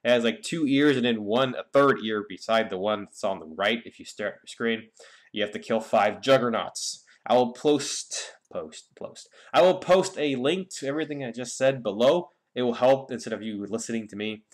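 A man's voice: mid-range voice, moderate pace. A young man giving a casual, rambling game guide with many fillers and restarts. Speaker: gaming YouTuber.

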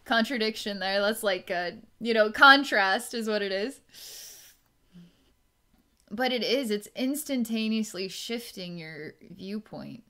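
Slow, musing woman with a bright voice. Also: medium pitch. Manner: slow, musing, trailing off with fillers. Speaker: psychic energy healer. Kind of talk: narrated psychic healing session.

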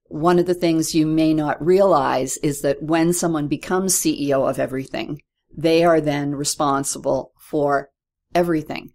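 A woman author speaking as a podcast guest, reflective and thoughtful, growing animated when she retells conversations. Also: deep voice, normal speed. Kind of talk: conversational interview.

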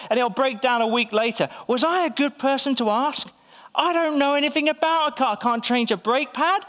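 High-voiced man preaching a sermon. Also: fairly quick, a bit bright. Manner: conversational, rhetorical questions, acts out quoted voices. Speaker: pastor. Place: church hall.

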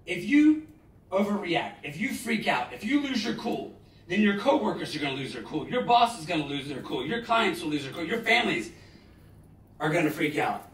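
A man's voice: high voice, sing-song, moderate pace. Man telling dramatic stories in an echoey hall. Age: 40s. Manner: dramatic storytelling, bursts of loud emphasis. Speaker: motivational speaker. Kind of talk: live motivational talk. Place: large lecture hall. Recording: roomy hall, distant mic.

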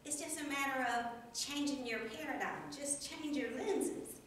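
A woman giving an energetic motivational speech at a speaking club, laughing often and repeating phrases for emphasis. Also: sits high, unhurried, a little hiss or hum. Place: meeting room. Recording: very echoey room from far off.

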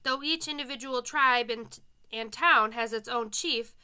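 A woman reads a children's novel aloud in a bright, fairly high voice. She keeps a friendly, casual touch with her listeners. It is an audiobook reading. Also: measured pace, clean tone. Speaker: reader.

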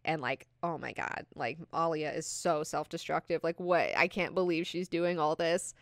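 A woman hosting a book club, talking casually and excitedly with lots of swearing and fillers. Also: sits low, moderate pace, dry recording, clean studio sound.

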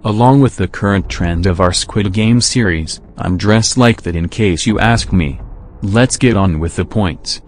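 A man's voice: low-pitched, unhurried, a little hiss or hum. A man presenting jury votes in a casual, friendly scripted way. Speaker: jury spokesperson.

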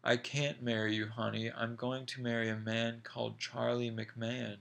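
A man reading a young woman's lines softly and quickly, apologetic and tender. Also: mid-range voice, little pitch movement, gravelly.

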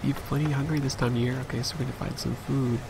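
Talking fast with fairly even intonation, this man gives chatty let's play commentary over game music, thinking out loud and now and then putting on mock outrage. His voice is mid-range and creaky, and there's background noise.

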